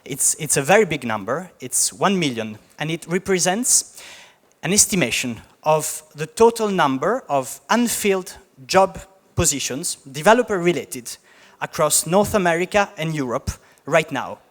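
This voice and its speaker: A young Italian man talks to an audience with a heavy Italian accent, breaking the ice with jokes and plenty of ums and restarts. His voice sits a little high. The sound carries a long reverb from a big hall. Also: animated. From Italy. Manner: joking, halting with many fillers. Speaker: startup founder giving a talk. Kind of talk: conference talk.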